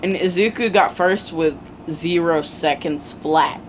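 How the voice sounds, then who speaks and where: A storyteller casually retelling a fan story, halting often with ums and restarts. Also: mid-range voice, slight background noise, poor audio.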